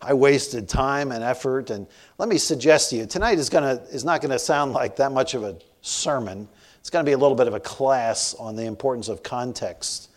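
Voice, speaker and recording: A man in his sixties delivers a storytelling sermon, sharing a funny story about himself and laughing often as he goes. His voice is mid-range and his delivery brisk.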